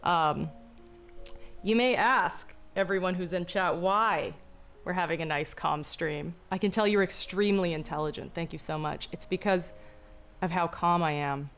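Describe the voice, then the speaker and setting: Young woman, streamer, slow put-on soothing voice, slight vocal fry, faint music behind. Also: on the low side. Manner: mock-soothing, slow and deliberately calm, jokey. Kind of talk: casual live-stream chat. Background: faint background music.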